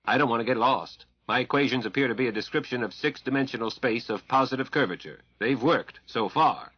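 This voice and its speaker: A man's voice: mid-range voice, brisk, slightly rough, no echo, highs cut off, pitched above the performer's own voice, close to an everyday voice. A man reading an audiobook, voicing a cautious, scholarly mathematician who explains things carefully. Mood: explaining. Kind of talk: audiobook character voice.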